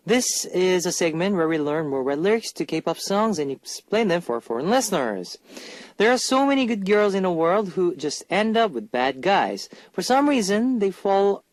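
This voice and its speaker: A man hosting a radio music show, announcing in a lively, chatty way. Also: high-pitched, moderate pace, no room sound.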